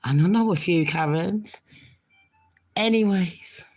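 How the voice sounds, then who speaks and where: Faint music plays behind a middle-aged vlogger with a lowish, slightly slow voice. She chats casually to her viewers in a cheeky, rambling way while she has a cold and a cough.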